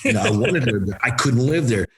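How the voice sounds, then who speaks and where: An older man, a former hockey player and coach, answering interview questions with lively anecdotes and acted-out quotes. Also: mid-range voice, fast, low-quality recording. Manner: animated, acts out quoted dialogue, repeats himself for emphasis.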